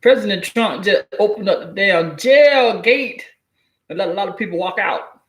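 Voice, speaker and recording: Casual male commentator, high lively delivery, profane storytelling, roomy echo. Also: normal speed. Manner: loose, profane, animated storytelling with mock quotes. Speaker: commentary vlogger.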